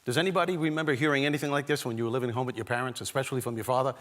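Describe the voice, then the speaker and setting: A man from Brooklyn, giving a comedic motivational keynote with animated, punchy storytelling. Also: medium pitch, racing, big-room sound. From Brooklyn, New York. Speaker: keynote speaker. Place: large hall, on stage.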